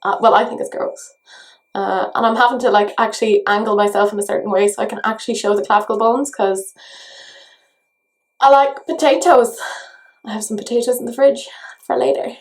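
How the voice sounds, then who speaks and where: Irish woman vlogger, slightly high voice, self-mocking casual makeup chat. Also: fairly even intonation, a little fast, pauses often. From Ireland. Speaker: beauty vlogger.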